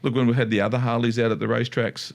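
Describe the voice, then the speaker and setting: A middle-aged Australian man, co-host for a motorcycle dealership, keeps a casual riding conversation going in a creaky, mid-range voice. His tone stays level while his pace runs very fast. He rambles with plenty of restarts and asides.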